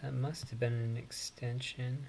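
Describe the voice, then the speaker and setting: A man hosting a live stream, thinking aloud in an unhurried way with pauses and fillers. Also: mid-range voice, little pitch movement, creaky, a little mellow, a little hiss or hum. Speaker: host. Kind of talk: casual live-stream commentary.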